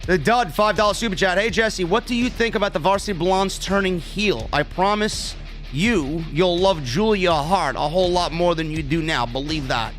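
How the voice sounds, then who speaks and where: A man hosting a live stream, his voice sitting a bit high for a man. He reads viewer donations aloud and answers them with offhand, swear-laced chatter. Faint guitar music plays underneath. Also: normal speed, fairly bright tone. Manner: casual, profane, reads donor messages aloud. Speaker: show host reading super chats. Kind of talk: casual live-stream chat.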